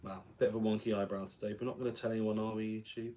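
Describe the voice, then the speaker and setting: A young man talks through his drag makeup in a loose, rambling vlog chat. His voice sits fairly low, and he keeps slipping in self-mocking jokes as he goes. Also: level tone, very fast, dark tone, dull audio, slight background noise. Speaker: drag performer and vlogger. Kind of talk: casual vlog chat while doing makeup.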